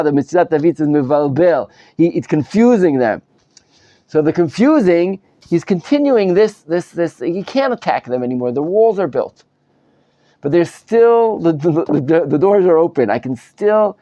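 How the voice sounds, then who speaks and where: Animated male rabbi teaching a class. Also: fairly high pitch, dry recording, highs cut off. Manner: animated, dramatizes the text, frequent restarts. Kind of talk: live Bible study lecture. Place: study hall with students.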